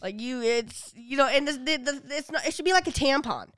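A woman's voice: high-pitched, fairly quick, fairly bright tone, clear, resonant tone, no echo. A young woman co-hosting a casual podcast chat, rambling with lots of "like" and restarts, blunt and crude. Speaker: podcast co-host.

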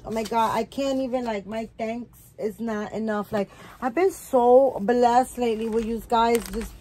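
A woman's voice: on the high side, steady tone, normal speed, few pauses, mellow, a little hiss or hum. A woman vlogging at home as she unboxes a gift, gushing and filling her talk with "like" and "um.". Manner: gushing, full of "like" and "um" fillers. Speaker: doll channel vlogger. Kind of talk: casual unboxing vlog. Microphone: phone or camera set nearby.

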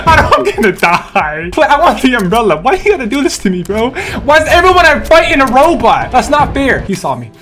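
A man giving loud, joking commentary over a shooter game, often breaking into shouts. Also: very high voice, huge pitch swings. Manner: loud, jokey, quick swings to shouting. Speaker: gaming YouTuber. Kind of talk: excitable gameplay commentary. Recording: game music and sound effects behind. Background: game music.

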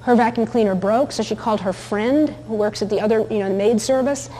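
A woman with a fairly high voice lectures about dog behavior. She speaks in a chatty, anecdotal way, full of fillers and restarts. Her voice rings with the long reverb of a large hall. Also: a little fast, warm tone. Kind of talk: recorded lecture with video clips.

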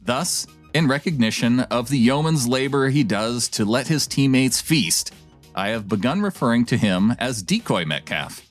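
Man, podcast co-host, playful theatrical reading, mid-pitched voice, faint music underneath. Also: expressive, moderate pace. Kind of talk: casual podcast chat, reading listener email.

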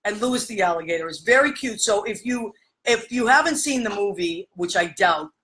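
A woman hosting a casual interview chat, with a voice of ordinary pitch. She talks in a gushing, animated way, piling on stories and praise. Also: normal speed, poor audio. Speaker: podcast host.

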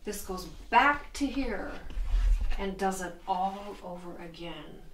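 A middle-aged woman teaching piano, explaining with enthusiasm as she plays and counting the beats out loud. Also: mid-range voice, animated, takes it slowly, noisy background. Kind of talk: piano lesson. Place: room with a piano. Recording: echoey room, distant mic.

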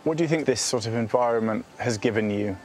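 A man's voice: medium pitch, fast, darkish tone. A man presenting a travel documentary, narrating and interviewing outdoors in the bush with an encouraging manner. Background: background music.

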